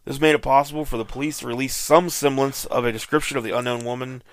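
A man's voice: medium pitch, fast, dry recording. A man co-hosting a casual podcast, reading out a true crime case and trading dry jokes. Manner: dry, deadpan joking. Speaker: podcast co-host.

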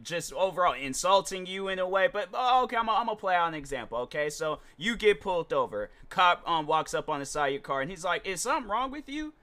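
Man, podcast host, casual solo monologue, slangy and rambling, slightly high voice, bright tone. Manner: rambling, slangy, many restarts.

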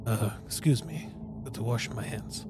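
A man's voice: mid-range voice, fairly even intonation, moderate pace, background noise, natural voice. A man playing a nosy old man with a put-on foreign accent who rambles and forgets himself mid-sentence. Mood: knowing. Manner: rambling, forgetful, full of hesitations.

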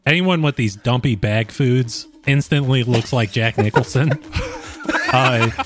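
A man's voice: mid-range voice, moderate pace. A man co-hosting a podcast in casual chat, laid-back and wry, chuckling often. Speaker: podcast co-host.

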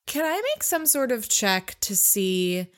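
A woman's voice: medium pitch, expressive, measured pace. A woman plays a tabletop role-playing game in an easygoing, chatty way. Her voice sits in the middle of the usual range. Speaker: player. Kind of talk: casual tabletop play.

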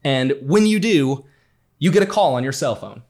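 A man's voice: medium pitch, expressive, moderate pace, darkish tone. A man as game master, narrating a tabletop game in a playful storytelling way.

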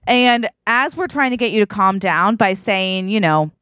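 A woman co-hosting a podcast, improvising a silly story in a playful, laughing manner. Her voice sits at an everyday middle pitch. The sound is dry and close. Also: expressive, normal speed, fairly bright tone, clear, resonant tone, no room sound. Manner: playful, laughs often, acts out quotes. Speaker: podcast co-host.

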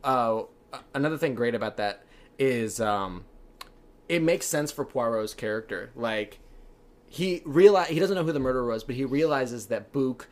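A man's voice: medium pitch, animated. A man co-hosting a casual podcast about films, talking eagerly with lots of fillers and acting out quoted lines. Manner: enthusiastic, fast, many fillers, acts out lines. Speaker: podcast co-host. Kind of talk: casual film discussion.

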